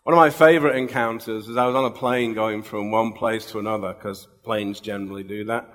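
A man's voice: lowish voice, steady tone, fairly quick, a bit bright, in a large hall. A man preaching, telling humorous, self-mocking stories from his own life in a sermon. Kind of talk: storytelling sermon.

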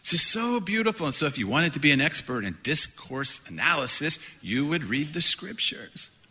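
A middle-aged man preaching a sermon, animated and playful, laughing often as he talks. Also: fairly high pitch, moderate pace, breathy edge. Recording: hall reverb.

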